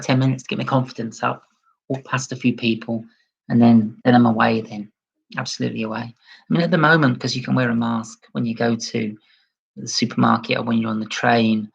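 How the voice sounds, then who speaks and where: A man chatting casually on a livestream and reading out viewer comments. He talks in a self-deprecating way and gently lifts his voice toward a feminine tone. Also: mid-range voice, vocal fry, husky, low-quality recording. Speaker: livestream host.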